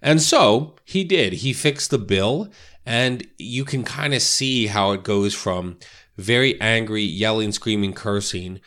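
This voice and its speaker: A man's voice: fairly low pitch, slow pace, fairly bright tone. A man coaching real estate agents in a casual, conversational way, often checking in with "right?" and "you know". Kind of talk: casual instructional talk.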